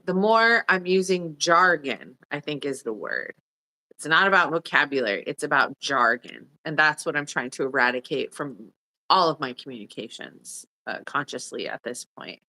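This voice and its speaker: A woman co-hosting a reflective spiritual conversation, pausing and searching for the right words as she talks. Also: low-pitched, sharp tone. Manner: searching for words, restarts to find the exact term. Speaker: co-host.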